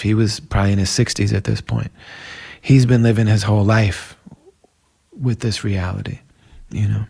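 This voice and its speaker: A man's voice: mid-range voice, a little mellow. A middle-aged man from Minnesota, hosting a podcast and telling personal stories in an earnest, emotional, conversational way. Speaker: podcast host. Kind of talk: personal storytelling monologue.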